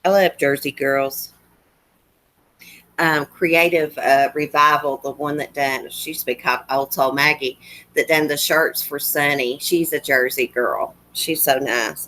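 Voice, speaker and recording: Her voice is low-pitched and fairly bright as this Southern woman hosts a casual livestream. She responds to comments in a chatty, countrified drawl.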